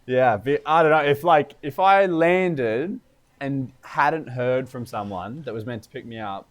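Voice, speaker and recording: A man, co-hosting a podcast, thinking aloud in a relaxed, rambling way. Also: medium pitch, unhurried. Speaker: podcast co-host. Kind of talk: casual chat.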